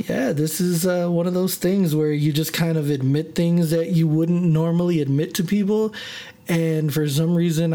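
His voice is slightly high, creaky, and dark as this man hosts his own podcast. Telling a personal story alone, he rambles, pokes fun at himself, and keeps veering off on tangents.

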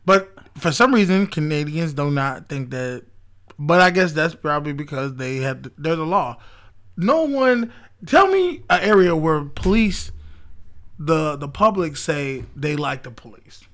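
A man with a notably high voice co-hosting a casual podcast. He gives his views in an animated, opinionated way, often with a laugh in his voice. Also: unhurried. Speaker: podcast co-host. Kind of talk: casual chat.

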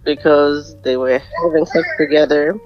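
Brief: low-pitched woman, hesitant podcast co-host, muffled audio with faint music. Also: fairly even intonation, normal speed. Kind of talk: casual chat. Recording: dull lo-fi sound with faint music.

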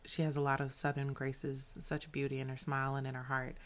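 A woman's voice: extremely low pitch, flat delivery, brisk. A woman hosting a podcast, talking candidly and casually about her friends, with fillers and some swearing. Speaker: podcast host. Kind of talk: scripted podcast narration.

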